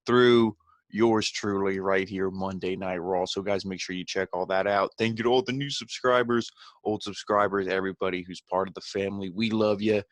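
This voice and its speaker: A man hosting a podcast, giving a relaxed, rambling, conversational recap of a wrestling show. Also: on the low side, no echo. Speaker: podcast host.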